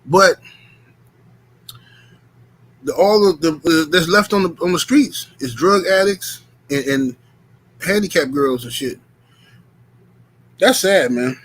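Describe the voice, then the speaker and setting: Male streamer, animated profane storyteller, bright edgy tone. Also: on the high side, takes it slowly, long pauses, rough recording. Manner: profane, animated, rambling with lots of filler. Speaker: streamer telling stories to chat. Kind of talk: casual storytelling.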